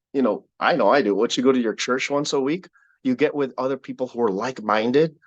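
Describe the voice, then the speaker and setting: A man leading a sales team call, giving an energetic motivational talk with a repetitive, preacher-like cadence. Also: mid-range voice, no echo, highs cut off.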